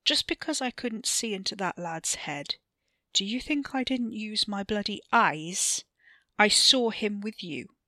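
A woman voicing a bitter young man who speaks slowly and forcefully, sneering and swearing in anger. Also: mid-range voice, sing-song, no room sound, studio quality. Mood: angry.

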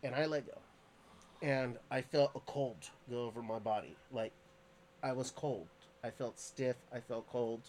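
Guy hosting a podcast, telling a story kinda halting and earnest, faint noise in the back. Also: medium pitch, darkish tone. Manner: earnest, halting, emotional retelling with restarts. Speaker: podcast host. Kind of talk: casual storytelling.

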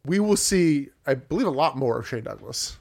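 A man's voice: medium pitch, animated, moderate pace, gravelly, darkish tone. A man co-hosting a casual podcast, recapping wrestling matches play by play with wry asides. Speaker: podcast co-host.

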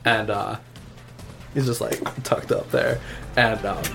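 A man's voice: on the low side, fairly even intonation, takes it slowly, gravelly, over music. A man narrating as game master in a casual way, full of fillers and laughs.

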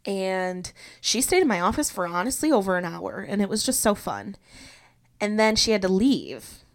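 A young woman hosting a solo podcast, retelling a personal story in an animated, confessional way. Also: mid-range voice, normal speed. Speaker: podcast host.

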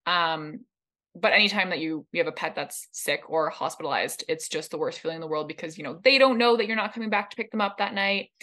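A Canadian woman co-hosting a casual podcast, chatting along with plenty of fillers. Her voice is on the low side. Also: quick pace, sharp tone. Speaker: podcast co-host.

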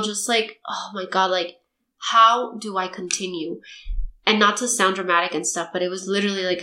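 A young woman, a podcast host, telling a personal story in casual chat and acting out what people said. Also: medium pitch. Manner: animated storytelling, acting out quotes. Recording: echoey room.

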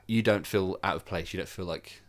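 A young man from Birmingham with a mild Birmingham accent, teasing his co-host in casual podcast banter. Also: low voice. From Birmingham, England. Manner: teasing, sweary, quick banter. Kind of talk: casual chat.

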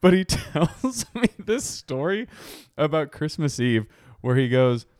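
A man's voice: a little high, very animated, takes it slowly, darkish tone, no room sound. Guy on a podcast telling a funny story, keeps laughing, does little voices, dry close mic. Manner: laughs often while telling stories; acts out voices in anecdotes. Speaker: podcast co-host. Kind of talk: casual chat.

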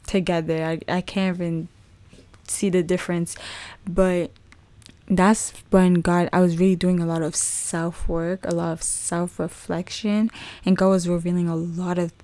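A young woman hosts a podcast, sharing a personal faith testimony in a chatty, rambling way packed with fillers. Her voice is on the low side with a darkish tone, and there's no echo.

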